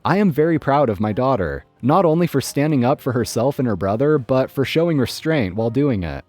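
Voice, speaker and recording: A man narrating online stories in a scripted, expressive way. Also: medium pitch, brisk, faint music behind. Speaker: story narrator.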